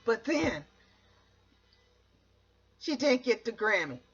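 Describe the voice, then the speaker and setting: A woman hosting a podcast, telling a comic story in a rambling way, looping back with "so anyway" and jumping into quick voiced quotes. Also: on the high side, very animated, husky. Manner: rambling, keeps restarting with "so anyway". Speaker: podcast host. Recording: dull lo-fi recording.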